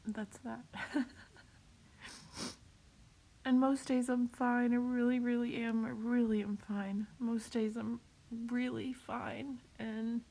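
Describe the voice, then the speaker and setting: A woman talking on a live video while crying, in a halting way, repeating herself and laughing through her tears. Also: on the high side, little pitch movement, dark tone. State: tearful, crying. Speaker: vlogger sharing a cancer update. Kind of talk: emotional live video talk.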